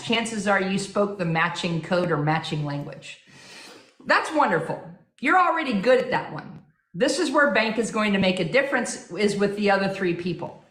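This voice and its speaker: A woman giving an energetic, persuasive sales training talk full of rhetorical questions, speaking to an audience. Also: mid-range voice, roomy sound. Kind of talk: motivational seminar talk.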